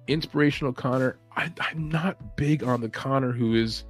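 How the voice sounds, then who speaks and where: A man's voice: mid-range voice, moderate pace, soft background music. A man hosting a podcast in a casual opinion chat, rambling, opinionated and chuckling as he talks. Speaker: podcast host.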